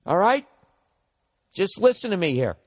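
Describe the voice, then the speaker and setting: A man in his forties with a Boston accent rambles through podcast advice as a comedian host. He is profane and blunt, mock-harsh one moment and encouraging the next. His voice sits fairly high and carries a long reverb tail. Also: big pitch swings, measured pace. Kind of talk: rambling comic advice monologue.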